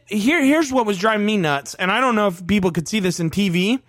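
Podcast co-host, male, lively swinging pitch, dry close sound, heated profane ranting. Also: a little fast, hardly any pauses, no echo. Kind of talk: casual sports podcast chat.

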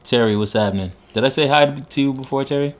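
A man's voice: medium pitch, fast. A young man co-hosting a casual livestream podcast. He greets viewers and plugs upcoming episodes in an upbeat way. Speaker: podcast co-host.

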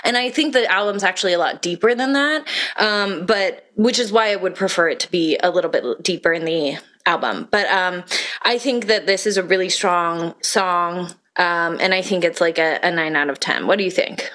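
A woman's voice: fairly low pitch, normal speed, fairly bright tone. A woman co-hosting a podcast, chatting casually about an album with lots of "like" fillers. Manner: talkative, many "like" fillers. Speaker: podcast co-host. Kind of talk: casual chat reviewing an album.

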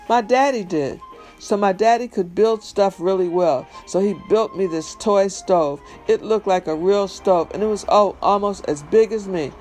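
Guy reading his memoir out loud, high voice, chatty and emphatic. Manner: emphatic, conversational storytelling. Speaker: reader.

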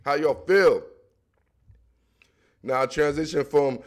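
A man from the Washington, D.C. area hosting a sports podcast, talking football in a loose, slangy, animated way and repeating himself often. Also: high-pitched, moderate pace. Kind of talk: casual sports talk.

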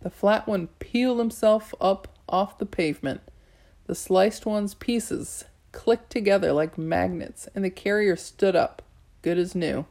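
A woman narrating a novel in the first person, measured, with small restarts. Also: mid-range voice, a little mellow. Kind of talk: audiobook narration.

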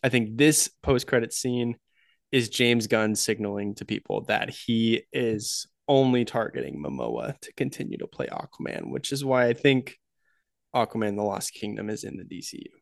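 A man's voice: fairly low pitch, expressive, vocal fry, no echo, studio quality. A man co-hosting a podcast, casually summarizing a movie's ending and reading out a review. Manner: measured, summarizing plot and reading quotes. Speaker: podcast co-host.

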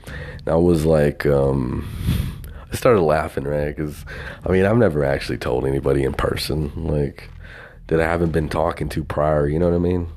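A young man with a Southern twang talks alone into his podcast mic in a loose, meandering way. His voice sits very low, and he peppers his talk with swearing and chuckles at his own stories. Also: normal speed, darkish tone. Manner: rambling, swears often, laughs at himself. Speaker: podcast host. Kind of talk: casual solo podcast monologue.

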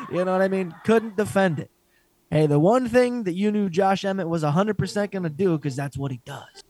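A man's voice: high-pitched, normal speed, pauses often, slight background noise. A man co-hosting a podcast, ranting and joking in casual chat with lots of swearing. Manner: profane, joking, excitable rants. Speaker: podcast co-host.

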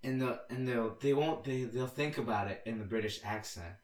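A man's voice: medium pitch, normal speed. A man co-hosting a podcast in casual chat, goofy and rambling, laughing often. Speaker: podcast co-host.

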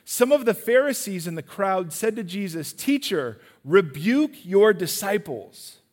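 High-voiced preacher man in a reverberant hall. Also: a little slow. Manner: animated, engages listeners with questions. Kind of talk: sermon. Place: church.

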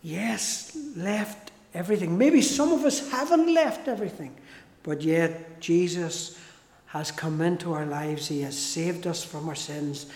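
A man delivers a sermon in an unhurried, high-pitched voice, leaning on repeated phrases. His words ring out in a large room with long, echoing reverb. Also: animated, darkish tone. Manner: slow, emphatic preaching with repeated phrases and restarts. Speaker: preacher. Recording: echoey hall with long reverb.

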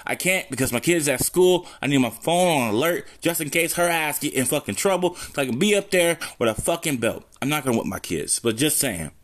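A man's voice: fairly high pitch, animated, fairly quick, hardly any pauses. A man hosting a casual solo podcast into a phone, rambling and swearing as he talks, interrupting himself often. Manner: profane, rambling, self-interrupting. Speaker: podcast host. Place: room at home.

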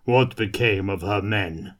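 A man voicing a brutish, beast-changed male warrior with a deep, gruff, growling voice. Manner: growling, slow.

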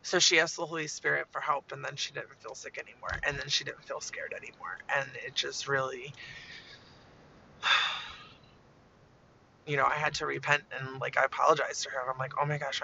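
A woman's voice: very deep voice, little pitch movement, brisk, vocal fry, pauses often, bright, forceful tone, a little hiss or hum. A woman sharing her faith in an earnest, casual way, with many "like"s, on a dull lo-fi recording. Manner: earnest, chatty, heavy use of "like".

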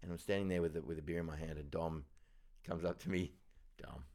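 Deep-voiced man telling a story. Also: fairly even intonation, quick pace, mellow. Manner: storytelling, self-deprecating, laughs often. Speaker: podcast co-host. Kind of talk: casual chat.

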